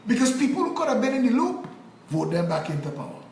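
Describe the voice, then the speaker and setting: A man's voice: extremely high pitch, big pitch swings, fast talker, a little mellow, echoey room, a little hiss or hum, low-quality recording. Fiery Trinidadian man ranting. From Trinidad and Tobago. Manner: angry, fiery, preaching cadence. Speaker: political commentator vlogger. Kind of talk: impassioned political monologue.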